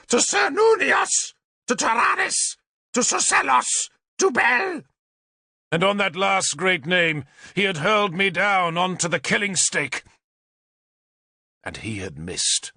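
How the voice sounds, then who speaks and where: A male audiobook narrator telling a dark tale with dramatic intensity. His voice is bright and forward, pitched a bit high. The recording is close and dry. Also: no echo.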